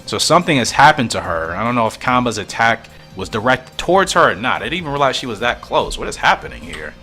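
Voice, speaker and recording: A man's voice: mid-range voice, big pitch swings, fast, sharp tone, faint music behind. A man reading a fan comic aloud and thinking aloud in a musing, often puzzled way. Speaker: comic reader and reactor.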